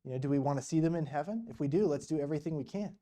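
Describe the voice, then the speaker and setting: Guy preaching at church, dark mellow voice, chatty storytelling, lots of "you know" and "right?". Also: on the high side, rapid-fire. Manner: conversational, full of rhetorical questions and "you know". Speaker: guest speaker at a church. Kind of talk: storytelling sermon.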